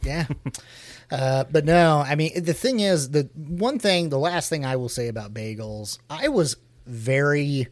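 A man's voice: fairly high pitch, measured pace, no room sound. A man with a slightly raised voice is chatting casually and laughing often. He tells stories with a lot of life in them. The recording is dry and close, with almost no room sound. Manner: laughs often, animated storytelling. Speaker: podcast co-host. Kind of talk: casual chat.

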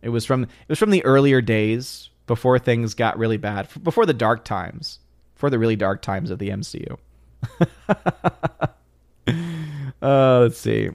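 A man's voice: mid-range voice, moderate pace, creaky, pauses often, no echo, clean studio sound. A man hosting a live stream, reading viewer comments aloud and chatting about them, thinking aloud with restarts and small laughs. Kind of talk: casual live stream chat.

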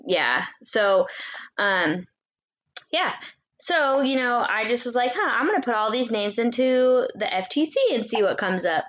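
A woman co-hosting a podcast, explaining things in casual chat with many ums and pauses. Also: a little high, expressive, fairly bright tone, dull audio. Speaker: podcast co-host.

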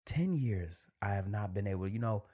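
A man hosting his own podcast, talking in a relaxed, conversational way and sometimes dropping to a near-whisper for emphasis. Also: fairly low pitch, moderate pace. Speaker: podcast host. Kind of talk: casual solo podcast monologue.

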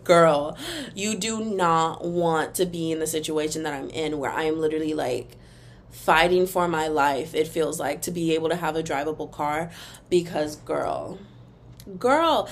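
Expressive young woman, casual podcast rant. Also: fairly low pitch, a little hiss or hum. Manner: animated and expressive, sings snippets, talks to listeners as "girl" and "y'all". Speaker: podcast host. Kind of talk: casual ranting monologue.

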